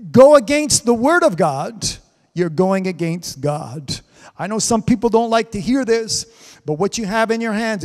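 High-voiced man preaching with fervor. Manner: fervent, peppered with amens and hallelujahs. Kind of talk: live-streamed sermon. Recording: reverberant hall sound.

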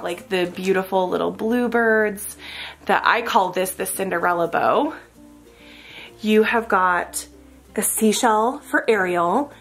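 A woman vlogger unboxing a haul, gushing with excitement and breaking into gasps and exclamations. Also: medium pitch.

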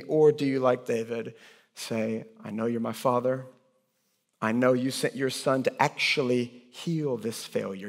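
A man preaches a sermon with earnest conviction, dropping to hushed lines and then rising in emphasis. His voice sits at an ordinary pitch for a man. It carries a long, lingering reverb from a church sanctuary. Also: little pitch movement, brisk, gravelly. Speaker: pastor.

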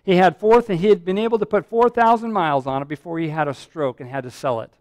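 A man's voice: high voice, fairly even intonation, fast talker, a little mellow, no room sound. A man preaching a sermon as pastor, earnest and repetitive, often restarting his phrases.

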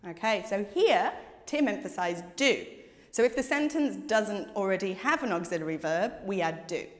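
A woman teaching an English lesson, explaining grammar clearly with examples. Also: mid-range voice, animated, normal speed. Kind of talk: scripted language lesson. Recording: reverberant room.

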